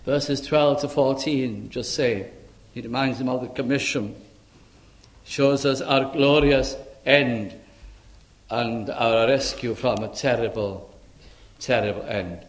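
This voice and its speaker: A man's voice: mid-range voice, takes it slowly. Earnest preaching man in an echoey room. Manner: earnest preaching, drops to hushed tones for emphasis. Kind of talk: sermon.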